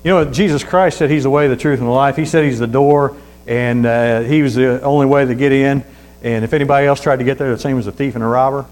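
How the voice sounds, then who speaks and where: A man's voice: mid-range voice, steady tone, darkish tone, rough recording. Folksy man preaching a sermon. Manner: folksy storytelling with frequent amens; reads scripture aloud slowly.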